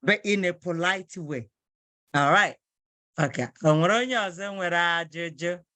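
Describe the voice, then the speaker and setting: A woman's voice: lowish voice, moderate pace, bright, forceful tone, no room sound. A woman language teacher leading an online class, patiently repeating phrases and encouraging her students. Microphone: video call.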